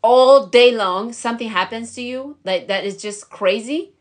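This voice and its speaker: A woman's voice: fairly high pitch, normal speed. A young woman giving casual, encouraging advice to camera as a lifestyle vlogger. She talks in a bubbly way, with lots of fillers and frequent laughs. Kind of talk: casual motivational talk to camera.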